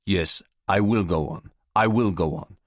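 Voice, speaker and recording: A man voicing a gruff, indignant foreign businessman with a gravelly Czech accent and broken English, speaking slowly and sternly. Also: sits low, no room sound, studio quality. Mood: angry. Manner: slow, stern, lecturing.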